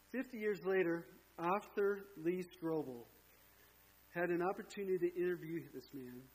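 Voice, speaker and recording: A man's voice: fairly high pitch, a little mellow, rough recording. A man preaching a sermon as pastor, telling a story with casual asides to the congregation.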